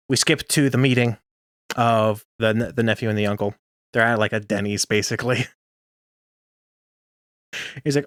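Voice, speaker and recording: A man's voice: medium pitch, steady tone, normal speed, long pauses, a bit bright, no room sound, clean studio sound. A young man co-hosting a podcast, chatting casually and laughing often as he recaps an anime episode. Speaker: podcast co-host.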